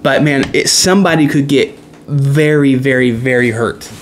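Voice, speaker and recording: A man hosting a casual racing chat show, telling stories excitedly and laughing often. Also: medium pitch, moderate pace, slight background noise. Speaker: podcast host.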